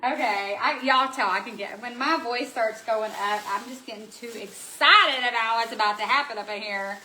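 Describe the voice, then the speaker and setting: A bubbly woman hosts a live craft stream, gushing over new supplies and talking straight to her viewers. Her voice is bright and sits a little high. She keeps it chatty and excitable throughout. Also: moderate pace, a little hiss or hum, rough recording. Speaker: craft shop owner. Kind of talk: live stream product showing.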